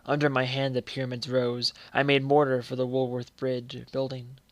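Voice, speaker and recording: A man reciting poetry in a measured way, letting the ends of lines fall quiet. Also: medium pitch, monotone, no room sound. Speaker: poetry reader.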